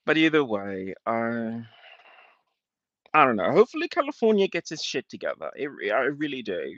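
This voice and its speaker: A man's voice: mid-range voice, very animated, normal speed, fairly bright tone, no room sound. Emotional ranting male livestreamer. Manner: emotional, ranting, swears often. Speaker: livestreamer answering chat. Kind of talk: rambling live-stream talk. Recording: dull lo-fi dry sound.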